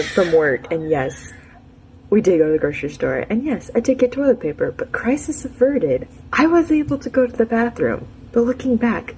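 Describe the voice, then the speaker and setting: A woman's voice: fairly high pitch, darkish tone, a little hiss or hum, rough recording. A young adult woman telling a casual personal anecdote in a chatty, frank and self-mocking way. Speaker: storyteller.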